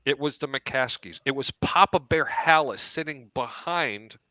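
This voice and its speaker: A man hosting a sports talk show, telling long animated anecdotes with asides to his co-hosts. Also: medium pitch, a little slow, dry recording, rough recording. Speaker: host.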